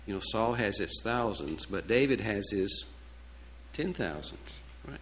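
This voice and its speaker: A man's voice: mid-range voice, very animated, moderate pace, a bit bright, rough recording. A man preaching a sermon in a folksy, emphatic way, with asides and fillers. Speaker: pastor.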